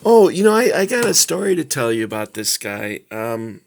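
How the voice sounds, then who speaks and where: A middle-aged man chatting casually about his toy collection, rambling and halting with many fillers. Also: mid-range voice, sing-song, gravelly. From Southern California. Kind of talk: casual show-and-tell chat.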